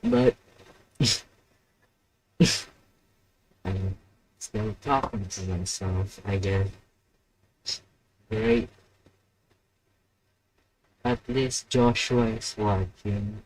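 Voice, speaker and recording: A man hosts a live podcast stream alone and drags his words out very slowly, with long gaps between them. He is playful and mocks himself, jumping from sudden loud bursts to quiet mumbles. A faint hiss sits behind his voice. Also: on the low side, animated, rough recording. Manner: playful, self-mocking, jumps between loud outbursts and mumbling. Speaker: podcast host. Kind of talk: casual live-stream chat.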